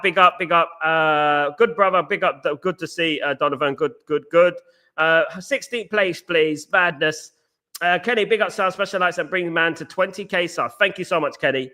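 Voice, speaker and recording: A man hosting a live football watchalong, rambling, repeating himself and greeting viewers in the chat. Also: fairly high pitch. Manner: rambling, repeats phrases, shouts out chat users. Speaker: watchalong host.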